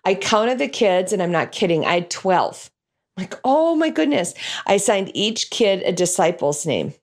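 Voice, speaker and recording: A woman's voice: fairly low pitch, moderate pace. A woman who teaches a children's Bible class tells a story about it, acting out lines and sound effects. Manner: animated, acts out lines and sound effects in voices. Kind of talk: storytelling to an audience.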